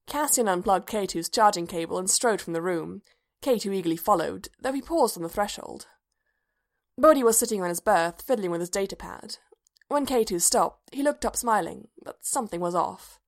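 A woman narrating a story aloud in a calm, even voice. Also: medium pitch, moderate pace. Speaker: story reader. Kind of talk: scripted narration.

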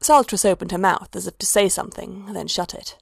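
A woman narrating a story aloud in a steady, low-key reading. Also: a little fast, gravelly, slightly rough, no echo, clean studio sound. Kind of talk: storybook fan-fiction reading.

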